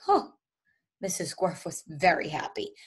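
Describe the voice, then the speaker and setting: Brief: woman teacher, children's read-aloud, breathy and expressive. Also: medium pitch, moderate pace. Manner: lively and expressive, with chuckles. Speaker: teacher reading to her students.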